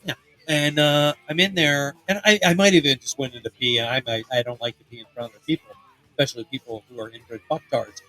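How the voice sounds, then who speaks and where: A man in his late twenties from Pennsylvania, co-hosting a podcast and telling a profane, animated story with mock voices. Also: medium pitch, fast talker, dry recording, faint music behind, poor audio. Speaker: podcast co-host. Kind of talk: casual storytelling chat.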